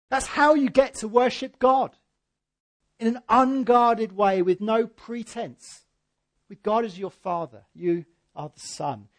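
A man preaching a sermon in church, swinging from loud emphatic peaks to quiet, low asides. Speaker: pastor.

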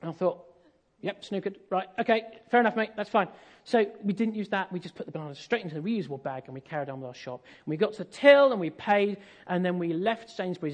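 Animated English preacher with a lively voice. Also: male voice, high-pitched. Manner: animated, conversational, self-deprecating humour. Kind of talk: sermon with personal storytelling.

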